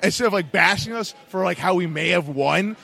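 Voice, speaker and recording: A man's voice: high voice, brisk, vocal fry, pushed and bright, slightly rough. A man playing a wrestling manager who stammers and defends himself. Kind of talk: wrestling backstage interview.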